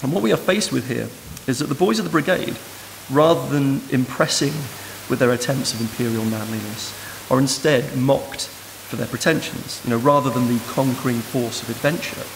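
Brief: man, academic lecturer, measured and thoughtful, with a gravelly edge. Recorded in a reverberant room with hiss. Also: mid-range voice. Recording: noisy hiss in a reverberant hall.

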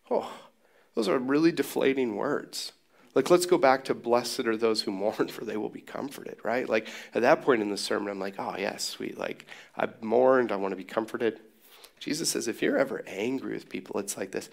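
A man's voice: on the low side, creaky. A man preaching a sermon in a casual, joking way with sarcastic asides. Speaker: pastor.

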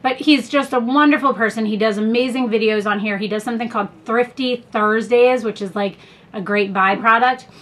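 Chatty woman reviewing makeup, somewhat high. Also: fairly quick, a bit bright, slight background noise. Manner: chatty, rambling with fillers and asides. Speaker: beauty vlogger. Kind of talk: casual product review haul.

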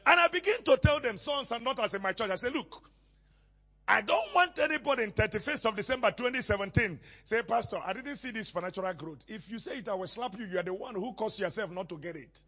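A male pastor preaching a sermon, asking questions and having the congregation call back the missing words, often rising to shouts. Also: high-pitched, animated, fast, breathy edge, highs cut off.

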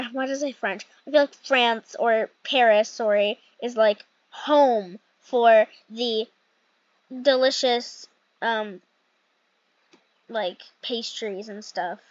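A woman's voice: a little high, fairly even intonation, takes it slowly, no echo. Chatty young woman gaming vlogger. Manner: chatty, rambling, self-correcting. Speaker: gaming channel host. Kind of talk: casual game role-play commentary. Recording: dull lo-fi mic.

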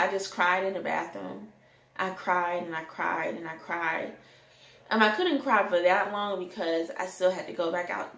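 A young adult woman telling a candid personal story in a rant, animated and sometimes breaking into song. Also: lowish voice. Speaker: vlogger. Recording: echoey room.

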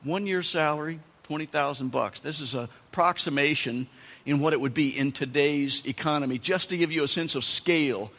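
A pastor preaching a sermon, telling the story with animated asides and dramatic emphasis. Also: male voice, on the high side, moderate pace. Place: church sanctuary. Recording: long church-hall reverb.

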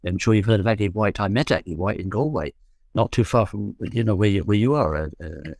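A man's voice: on the low side, fairly quick, gravelly, a little mellow, no room sound, clean studio sound. A man in his seventies from London, a guest musician recalling his youth in rambling, self-correcting, joking talk. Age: 70s. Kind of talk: relaxed storytelling.

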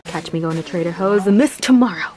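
A woman hosting an excited travel vlog, bubbly and gasping, sometimes dropping into hushed whispers, talking in a hotel room and then at outdoor markets. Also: on the low side, fast talker, slight background noise. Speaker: vlog host. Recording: background music under voice.

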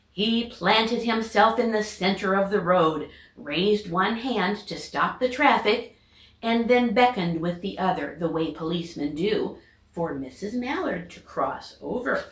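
A woman teacher reading a children's storybook aloud with expressive, lively character voices. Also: mid-range voice, reverberant.

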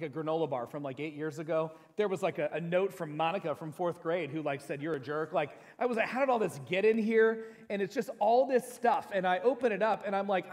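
A middle-aged male pastor with a fairly high voice, preaching a sermon in a casual, joking way. He tells personal stories and slows down to stress scripture. His voice rings with the long reverb of a church hall. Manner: reads scripture slowly and with emphasis. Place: church sanctuary.

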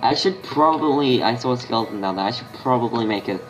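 An Australian gaming channel host gives casual gameplay commentary at a fast clip, thinking aloud and muttering half-finished sentences to himself. His voice is medium-pitched, and music plays under him.

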